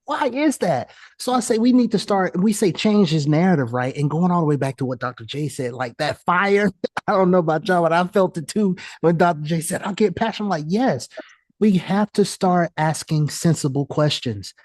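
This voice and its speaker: A coach speaking passionately on a panel, animated and preacher-like, who fires off rhetorical questions. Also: mid-range voice, brisk, no room sound, clean studio sound.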